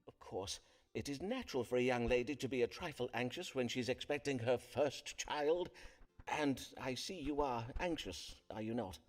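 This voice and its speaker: A man's voice: mid-range voice, expressive, normal speed, natural voice. A man playing a pompous Elizabethan astrologer. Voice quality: archaic formal diction, hesitant fillers. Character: pompous male Elizabethan astrologer, evasive and wordy. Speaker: Elizabethan astrologer physician Foreman. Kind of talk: period game voice acting.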